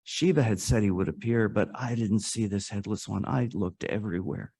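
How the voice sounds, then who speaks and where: Man preaching a sermon, lowish voice, tells a story earnestly, gets loud then goes hushed. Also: moderate pace, gravelly, breathy edge. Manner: earnest, with dramatic rises and hushed drops. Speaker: guest speaker at a congregation. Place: worship service hall.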